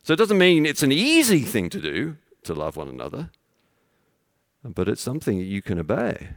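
A man's voice: medium pitch, huge pitch swings, moderate pace, no room sound, studio quality. A man preaching an expository sermon, explaining his points in a teacherly way with everyday examples.

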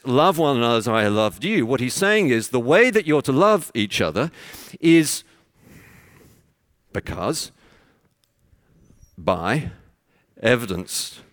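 Lively expository preacher, man. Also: mid-range voice, no room sound, clean studio sound. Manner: explanatory, teacherly, builds points with everyday examples. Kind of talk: expository sermon.

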